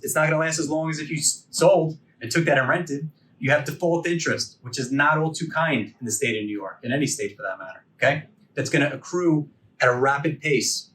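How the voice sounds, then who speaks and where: A slightly high, somewhat bright male voice belongs to a man in his forties running a continuing education course. He lectures conversationally, posing rhetorical questions and checking in with "okay?" and "right?", with his voice coming across a bit distant from the mic.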